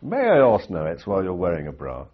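Older man voicing a gruff sergeant major barking orders; low, husky voice, slightly muffled recording. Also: huge pitch swings, fast talker, exaggerated voice. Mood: mock-stern. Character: gruff shouting male Royal Marines sergeant major.

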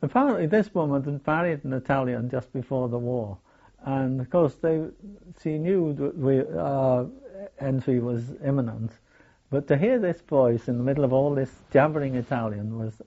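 An older man, recalling his wartime experiences in a hesitant, halting way full of restarts. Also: mid-range voice, creaky. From England. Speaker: war veteran telling his story. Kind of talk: oral history recollection. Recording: dull lo-fi recording.

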